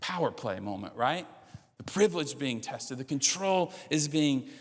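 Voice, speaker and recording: A man's voice: mid-range voice, very animated, moderate pace, in a large hall. A man preaching a sermon in a conversational, joking storytelling manner, with playful asides. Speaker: pastor.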